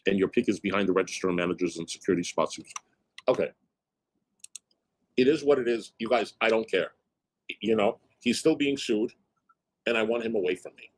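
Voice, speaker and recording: A man's voice: on the low side, fairly quick, pauses often, husky. A man hosting a livestream, reacting to chat with blunt, wry commentary. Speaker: streamer host.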